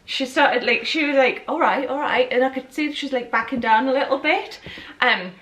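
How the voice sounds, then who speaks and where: Geordie woman in her thirties, lively sweary anecdote teller, higher voice, roomy echo. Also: brisk, slight background noise. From North East England. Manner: animated, swearing, laughing storyteller. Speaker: co-host. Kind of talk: casual storytelling chat. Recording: echoey room.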